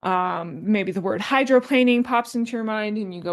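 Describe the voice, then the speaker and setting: A woman talks a listener through a homely analogy in a relaxed, conversational way. She acts out the thoughts of the person in her story and keeps checking in with a quick "right?". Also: mid-range voice. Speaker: speaker on work stress and resilience. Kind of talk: casual talk explaining with an analogy.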